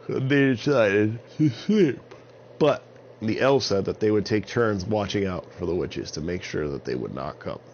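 A man with a low, gravelly voice narrates a children's story, his pitch rising and falling animatedly. The recording is slightly dull and lo-fi, with a faint hiss behind him. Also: a little mellow.

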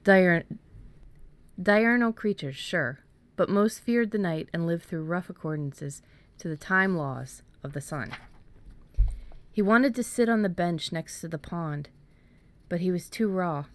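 A woman, an author, reading her own story aloud in a measured way and then chatting about it with hesitant fillers. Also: fairly low pitch. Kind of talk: storybook narration, then casual chat.

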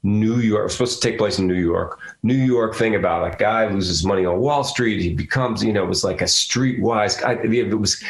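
A man's voice: fairly low pitch, moderate pace, hardly any pauses, roomy sound. A man in his sixties from Philadelphia with a Philadelphia accent, an actor chatting as a guest in a casual interview, rambling with many restarts.

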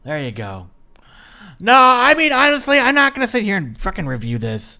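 A man co-hosting a casual wrestling podcast, profane and animated, ribbing wrestlers and slipping into mocking voices. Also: high voice, moderate pace, creaky. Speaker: podcast co-host.

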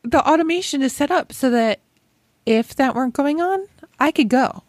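A woman in a relaxed podcast conversation, talking in a chatty, candid way as a guest who runs her own business. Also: high-pitched, moderate pace, dry recording, studio quality.

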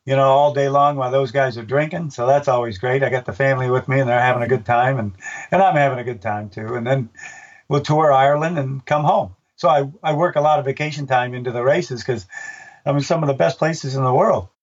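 An older man, a race announcer, chatting in an interview and acting out his own shouts as he tells stories. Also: mid-range voice, fairly quick, distant mic, lo-fi sound. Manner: animated storyteller, acts out his own shouts. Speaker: race announcer and book author. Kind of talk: casual interview chat.

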